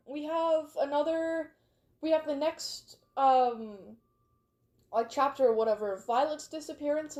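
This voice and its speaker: A woman's voice: sits high, warm tone. A young woman streamer chatting casually and reading fan stories, bubbly and rambling, easily sidetracked. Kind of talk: casual livestream chat.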